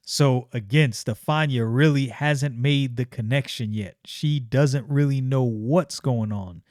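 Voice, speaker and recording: A man's voice: mid-range voice, a little slow, hardly any pauses, darkish tone, no room sound, clean studio sound. A man casually reading a comic aloud, chatting and reacting as he goes. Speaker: comic reader and commentator.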